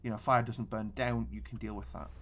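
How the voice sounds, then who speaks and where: A man's voice: lowish voice, little pitch movement, fairly quick, muffled recording, a little hiss or hum. A man giving casual gameplay commentary on a naval battle game, thinking aloud with frequent restarts. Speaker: gaming channel host.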